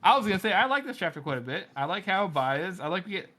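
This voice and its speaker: A young man co-hosting a podcast, talking excitedly with many fillers. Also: high voice, fast. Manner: excitable, lots of fillers and laughs. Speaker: podcast co-host. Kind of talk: casual chat.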